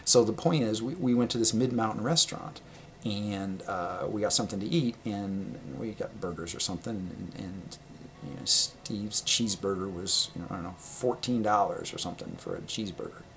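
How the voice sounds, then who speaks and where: A man casually telling a personal travel story, rambling and correcting himself, laughing often and getting animated when he quotes people. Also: on the low side, moderate pace, a little hiss or hum. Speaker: vlogger.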